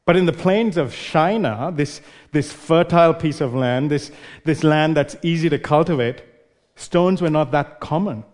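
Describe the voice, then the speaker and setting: A man's voice: on the high side, measured pace, a little mellow, big-room sound. Man preaching with rhetorical questions. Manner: explanatory, asks rhetorical questions. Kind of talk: expository sermon.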